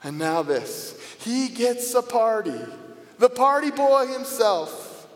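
Speaking as a biblical figure in the first person, a man with a high voice delivers a dramatic, animated monologue at a leisurely pace. His theatrical manner swings from sarcasm to quiet reflection. A big hall gives the audio a long, roomy reverb.

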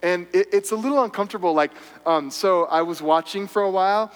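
A man with a high voice tells animated stories to a live crowd, tossing in quick tag questions and fillers as he goes. His voice rings with the long reverb of a big hall. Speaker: speaker addressing a live audience. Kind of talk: storytelling talk to an audience.

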